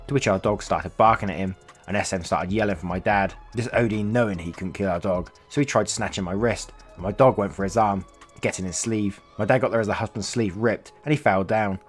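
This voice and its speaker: Low-voiced man reading a story. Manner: rambling, self-interrupting asides. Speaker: story channel narrator. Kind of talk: reading a story aloud, then chatty commentary.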